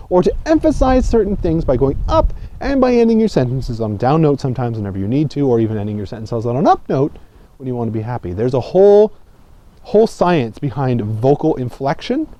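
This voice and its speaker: Guy doing a chill public speaking lesson, keeps saying okay?, mellow voice, kinda muffled lo-fi audio. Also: no echo. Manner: conversational, keeps checking in with "okay?", dips low and quiet to make points. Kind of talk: casual video lesson. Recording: slightly dull lo-fi sound.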